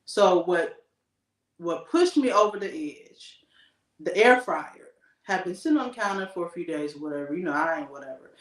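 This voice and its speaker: A woman co-hosting a casual podcast, telling a story with emphatic, animated delivery. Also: on the low side, normal speed, recorded from a distance. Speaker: podcast co-host. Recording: echoey room, voice off-mic.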